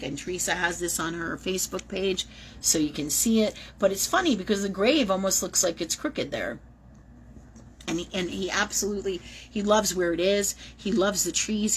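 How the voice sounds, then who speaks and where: A woman's voice: fairly low pitch, fairly bright tone, a little hiss or hum, poor audio. A woman talking casually and animatedly as a medium in a live-streamed reading, swearing now and then. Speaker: psychic medium.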